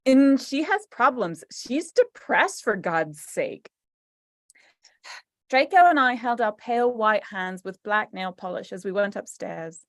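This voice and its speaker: A woman's voice: mid-range voice, animated, a little slow, no room sound. A woman doing a playful, mock-serious reading of a story aloud with friends. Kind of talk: comic dramatic reading. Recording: dry close sound.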